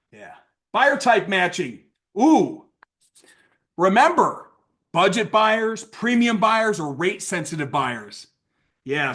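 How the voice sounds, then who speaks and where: A man leading a sales training call, energetic and playful, acting out sales lines with lots of hype. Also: high-pitched. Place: video call. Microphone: video call mic.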